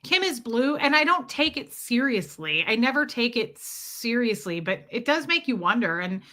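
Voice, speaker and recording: A woman's voice: fairly high pitch, sing-song, moderate pace, pushed and bright. A woman hosting a casual live stream, rambling through a personal story and greeting viewers by name as their chat comes in. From lives in Tennessee.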